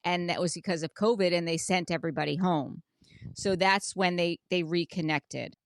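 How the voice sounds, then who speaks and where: A woman's voice: on the low side, moderate pace, dry recording, studio quality. A woman co-hosting a podcast, chatting casually and recounting a reality show in detail. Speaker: podcast co-host.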